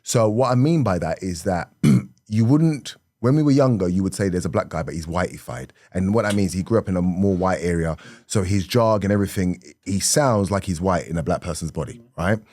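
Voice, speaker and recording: Animated South London man, lowish voice. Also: fairly quick, hardly any pauses, no room sound. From South London, England. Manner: lively, laughing, slips into acted voices. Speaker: comedian guest. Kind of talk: animated podcast storytelling.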